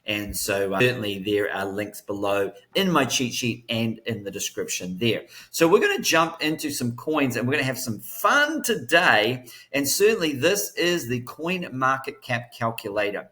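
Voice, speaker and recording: A man's voice: mid-range voice, sing-song, moderate pace, hardly any pauses, bright, forceful tone. A man hosting a crypto trading show, talking in a chatty, upbeat way with strong rhythmic emphasis. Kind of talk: casual market commentary.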